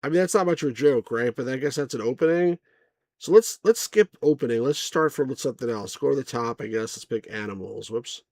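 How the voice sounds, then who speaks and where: A man's voice: mid-range voice, lively intonation, brisk, a little mellow, dry recording. A man hosting a casual game review, rambling with asides to viewers and chuckling at the jokes. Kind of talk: casual gameplay commentary.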